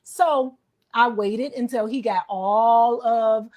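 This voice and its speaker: A woman's voice: a little high, slow pace, darkish tone. A woman in a social media clip telling, indignantly, how she felt disrespected. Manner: indignant, aggrieved. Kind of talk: casual storytelling.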